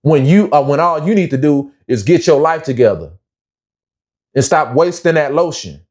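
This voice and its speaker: Man, young adult, preachy, lecturing, fairly high-pitched. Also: animated, normal speed, a little mellow. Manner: preachy, slangy, lecturing, says "bruh" often. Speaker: commentary vlogger. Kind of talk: opinionated commentary monologue.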